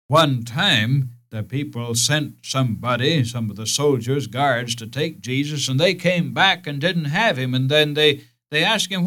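A man's voice: on the high side, fairly bright tone. A man preaching a sermon in an earnest, emphatic way, repeating key phrases and speaking directly to his listeners.

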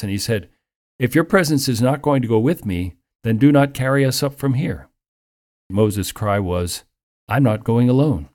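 A man preaching a sermon in an earnest, measured way, lifting his voice for emphasis. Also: on the low side, warm tone.

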